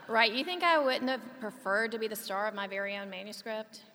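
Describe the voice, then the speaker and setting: A woman's voice: mid-range voice, brisk, slight background noise. A woman in her thirties, a mother and co-host, reading a scripted conversation in a chatty storytelling manner. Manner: chatty storytelling, lively asides. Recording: long hall reverb, faint ambience.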